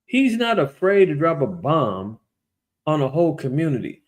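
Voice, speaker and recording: A man's voice: fairly high pitch, wildly swooping pitch, moderate pace. A man giving a casual, blunt and profane commentary on current events.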